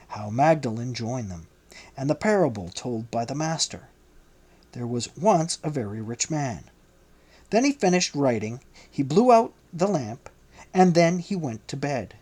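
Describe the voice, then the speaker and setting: A man reading a novel aloud as an audiobook narrator, in a measured way. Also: medium pitch, a little mellow.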